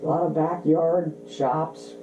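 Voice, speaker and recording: A woman's voice: sits low, little pitch movement, takes it slowly, dark tone, slight background noise. A woman co-hosting a podcast, a journalist telling casual stories with many "you know"s. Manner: chatty, lots of "you know" and "like". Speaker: podcast co-host, car journalist. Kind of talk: casual chat, storytelling. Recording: roomy, slightly dull sound.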